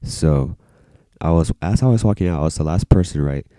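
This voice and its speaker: A man's voice: very deep voice, lively intonation, fairly quick, warm tone, dry recording. A male vlogger telling a story in a casual, rambling way, full of "like" and freely dropped swear words.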